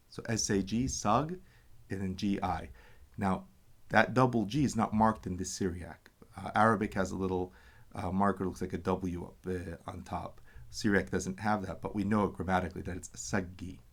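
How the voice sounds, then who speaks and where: A man patiently teaching a reading lesson, sounding out syllables and pausing to explain and correct himself. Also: low-pitched. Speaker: language teacher.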